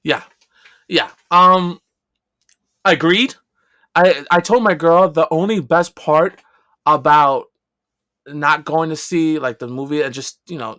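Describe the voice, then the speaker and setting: A man with a New York accent, co-hosting a casual podcast chat and telling lively stories with quick, playful denials. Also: a little high. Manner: animated storyteller, quick to deny, interrupts with short replies. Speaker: podcast co-host.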